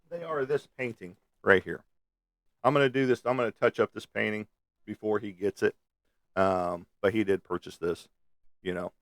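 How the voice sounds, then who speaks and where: Chatting from home on a live stream, a middle-aged man jumps between topics, blunt and foul-mouthed, in a mid-range voice. The webcam audio sounds clean and studio-like, with no echo.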